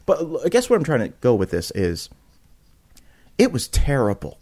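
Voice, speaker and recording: A man guest on a podcast, telling a story in a casual, animated way, often restarting and repeating words and acting out quotes with big jumps in pitch. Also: moderate pace.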